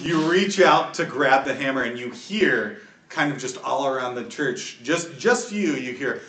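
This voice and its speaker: A man's voice: medium pitch, expressive, unhurried, fairly bright tone, slight background noise. A man running a tabletop game as game master, narrating loosely with fillers and laughs. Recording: echoey room from far off mic.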